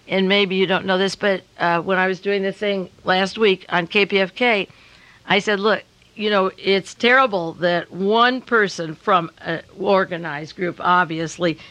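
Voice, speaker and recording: A woman's voice: medium pitch, fairly bright tone, rough recording. Older woman ranting on talk radio. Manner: rapid, rambling and emphatic, slowing down to stress points. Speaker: radio host. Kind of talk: on-air radio talk during a fundraiser.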